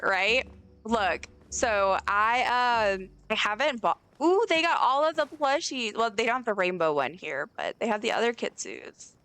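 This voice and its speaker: A woman's voice: fairly high pitch, lively intonation, measured pace, fairly bright tone, smooth. A woman livestreamer chatting casually and effusively while she plays, reading chat aloud. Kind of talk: casual live-stream chat while gaming. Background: faint game music.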